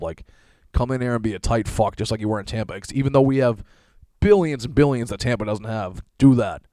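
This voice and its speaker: A man's voice: on the low side, darkish tone, dry recording, clean studio sound. A young man from the area, a comedian hosting a show, ranting loosely with lots of swearing and laughter. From Boston area, USA. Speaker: comedian podcast host. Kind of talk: profane comedic rant.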